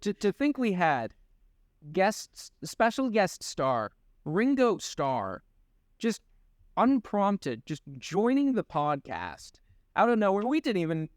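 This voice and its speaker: Young male co-host, lively, slightly raised pitch, rambling and halting delivery, swears casually. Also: no room sound, clean studio sound. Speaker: podcast co-host. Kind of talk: casual chat.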